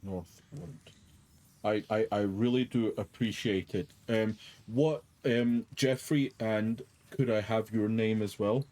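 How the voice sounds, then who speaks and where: A man's voice: on the low side, slow, warm tone. A man playing a tabletop game, speaking hesitantly and politely in character. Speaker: player. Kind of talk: tabletop role-play.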